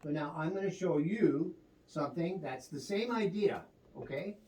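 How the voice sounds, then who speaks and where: A man teaching a one-on-one drum lesson, coaching his student and counting the beats out loud. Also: fairly high pitch, normal speed. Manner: coaching, counts beats aloud over the playing. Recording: roomy, distant mic, loud drums behind.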